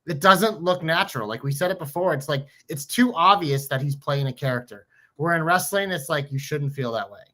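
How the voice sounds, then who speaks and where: A man co-hosting a podcast, talking about wrestling in an excitable, emphatic way and swearing now and then. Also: a little high, a little fast. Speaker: podcast co-host. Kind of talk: casual wrestling chat.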